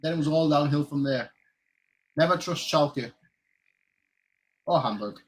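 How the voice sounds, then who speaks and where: A German-born man hosting a live football watchalong, his voice sitting a bit higher than most men's. He talks loosely and rambles, circling back over his own phrases and leaning on filler words. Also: unhurried, rough recording. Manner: rambling, repeats phrases, frequent "like". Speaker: fan channel host. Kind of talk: casual live watchalong chat. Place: lives in Manchester.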